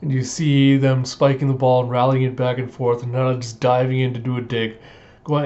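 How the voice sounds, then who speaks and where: Animated man recapping a manga chapter. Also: medium pitch, highs cut off. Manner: animated, acts out character lines in quick put-on voices. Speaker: manga reaction host.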